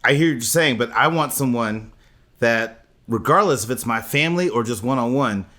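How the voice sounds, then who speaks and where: A man's voice: medium pitch, lively intonation, normal speed, sharp tone. A man co-hosting a podcast, giving blunt opinions in a casual chat. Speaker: podcast co-host.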